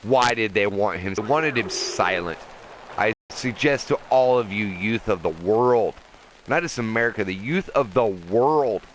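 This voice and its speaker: A man with a fairly low voice rants heatedly and swears freely while gaming live. He talks into a desk mic inside a camper. Steady background noise hangs under the noisy home stream audio. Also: a little slow. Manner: profane, impassioned ranting. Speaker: livestreaming gamer. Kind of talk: ranting live gaming commentary.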